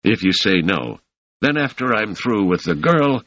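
A man's voice: lowish voice, expressive, measured pace, a bit bright, no room sound, voice pushed up, exaggerated voice. A man reading an audiobook voices a swaggering male street thug who taunts and mocks his victims. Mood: mocking. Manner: taunting, sneering. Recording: dry, slightly muffled lo-fi audio.

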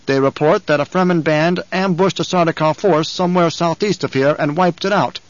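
An eager, fawning young nephew who keeps pressing his point, as a man voices him in an audiobook. His voice sits noticeably higher than the narration and is quick and deferential, on a dry, slightly dull recording. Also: no echo, close to an everyday voice. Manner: deferential, pushy, often cut off.

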